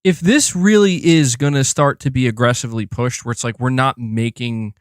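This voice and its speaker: A man's voice: medium pitch, moderate pace, clear, resonant tone, no echo, studio quality. A man live-streaming in casual chat, rambling and swearing with many restarts. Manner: profane, frustrated, rambling with restarts.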